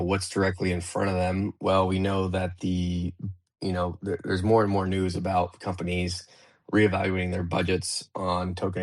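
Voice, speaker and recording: Host, male, low and gravelly, rambling panel talk full of fillers, remote audio room. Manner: loose and rambling, many fillers and restarts. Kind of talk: casual market discussion.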